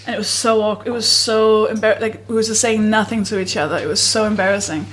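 A woman co-hosting a comedy podcast, telling stories in a casual, giggly way and bursting into shouted quotes. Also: medium pitch, fairly even intonation, fast talker, slight background noise. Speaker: podcast co-host.

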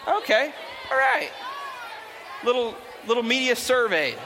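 A man's voice: extremely high pitch, big pitch swings, measured pace, a crowd in the background, noisy background. A young man giving a playful, chatty youth talk to a live audience in a large hall. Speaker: youth speaker.

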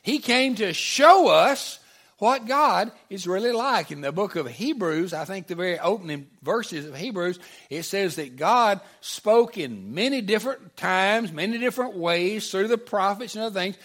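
A man's voice: high voice, lively intonation, normal speed, a bit bright. A middle-aged man preaching a sermon to a congregation, talking conversationally, asking the room questions and repeating back their answers. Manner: conversational, repeats audience answers, many restarts. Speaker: pastor. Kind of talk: sermon with audience call-and-response.

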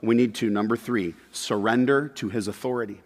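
A man preaching a sermon as pastor, moving between loud emphatic peaks and quiet, confessional asides. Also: lowish voice, steady tone, fairly quick. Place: church sanctuary. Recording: long hall reverb.

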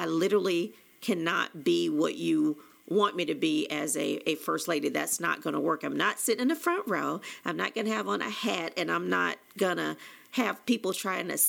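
Gravelly-voiced woman telling her story. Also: lowish voice, fairly bright tone. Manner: candid, rambling with many restarts and quoted dialogue. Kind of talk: personal storytelling.

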